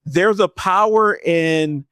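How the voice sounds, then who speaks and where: A man with a slightly high voice speaks on a podcast as a guest. He thinks aloud, halting and restarting his sentences. The sound is dry and close, with no room echo. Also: fairly bright tone, clean tone. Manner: thoughtful, halting, restarts often. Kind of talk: casual chat.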